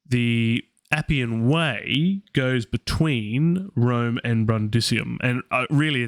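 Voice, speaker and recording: A man's voice: medium pitch, clear, resonant tone, dry recording, clean studio sound. Australian man musing through Latin lessons. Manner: musing, thinks aloud with many fillers. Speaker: Latin study host. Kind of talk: live-stream Latin study session.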